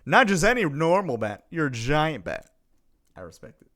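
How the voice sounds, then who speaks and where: Playful male streamer with a lively voice. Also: on the high side, normal speed. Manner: playful, reading chat aloud and greeting viewers; lots of giggling and sudden bursts of excitement. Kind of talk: casual live-stream chat.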